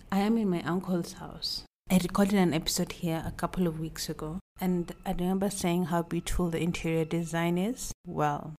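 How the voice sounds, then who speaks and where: A woman's voice: on the low side, a little mellow. A young woman hosting her own podcast in a casual, rambling way, often stopping to rephrase herself, recorded indoors at a relative's house. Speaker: podcast host. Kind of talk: casual solo podcast chat.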